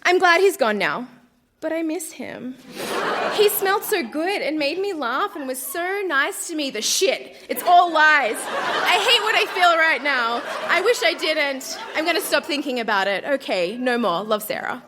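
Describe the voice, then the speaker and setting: A woman's voice: high-pitched, lively intonation, moderate pace, crowd noise, background noise. A woman in her thirties reading her teenage diary aloud on a live stage, melodramatic and breaking into laughter. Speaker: guest reader.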